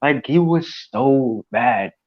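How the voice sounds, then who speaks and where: A man's voice: mid-range voice, lively intonation, slow pace. Laid-back man on dull lo-fi audio. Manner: laid-back, says dude a lot. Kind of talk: casual chat about football.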